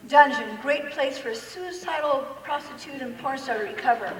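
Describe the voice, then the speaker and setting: A woman giving an animated personal testimony in a church hall, full of self-mocking humor and acted-out quotes. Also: high-pitched, normal speed, hardly any pauses, recorded from a distance, some chatter behind, a little hiss or hum. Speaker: guest speaker. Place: large church hall with an audience. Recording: echoey hall recorded from afar.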